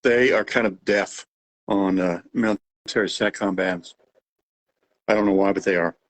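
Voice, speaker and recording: Laid-back Texan host, slightly nasal, lower voice, loose live-stream talk. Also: male voice, moderate pace, low-quality recording. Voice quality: a little nasal. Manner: relaxed, rambling, with fillers and restarts. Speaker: host of a live radio-monitoring Q&A. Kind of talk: casual live chat.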